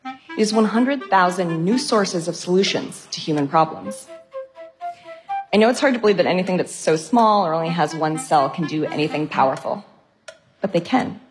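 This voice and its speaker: Woman scientist, young adult, low voice, enthusiastic storyteller, soft music under. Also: normal speed. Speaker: scientist telling her story. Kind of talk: storytelling talk.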